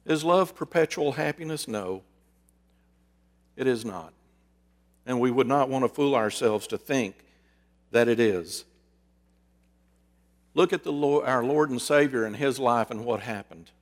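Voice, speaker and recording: A man preaching a sermon, with dramatic pauses and rhetorical questions that he then answers himself. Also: medium pitch, in a large hall. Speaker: pastor.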